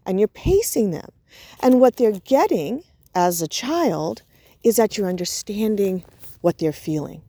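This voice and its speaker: Woman explaining parenting with a mellow voice. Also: mid-range voice, dry recording. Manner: explains with examples, acts out soothing talk to a child; many fillers like "you know" and "right". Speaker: parenting and emotions teacher. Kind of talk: informal spoken lesson.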